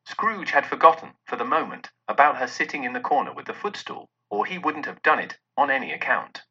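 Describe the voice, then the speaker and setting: A man reading a classic story aloud in an expressive, dramatic storybook narration. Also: medium pitch, fairly quick, breathy edge. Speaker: reader. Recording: dull lo-fi recording.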